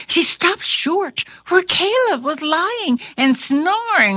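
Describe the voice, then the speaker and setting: A woman reading a fairy tale aloud with very expressive, dramatic delivery. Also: dry recording, studio quality. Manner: highly expressive, slow and dramatic. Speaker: storyteller. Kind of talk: storybook read-aloud.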